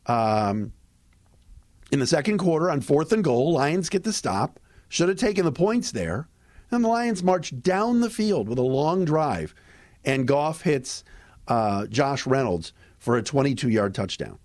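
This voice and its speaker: A man hosting a sports podcast, giving a casual postgame recap in a lively, conversational way with fillers and restarts. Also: medium pitch, measured pace, no echo, studio quality. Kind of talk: casual postgame recap and host-read ads.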